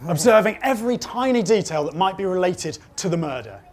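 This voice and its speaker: A man's voice: high voice, lively intonation, a little fast, a crowd in the background. A man, a comic book author, narrating a funny story live for children with careful comic timing.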